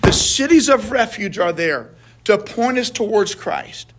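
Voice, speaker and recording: Earnest husky-voiced man teaching Scripture. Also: high-pitched, expressive, measured pace. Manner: earnest, heartfelt, stumbles and repeats words. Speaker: Bible study leader. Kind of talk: casual Bible teaching.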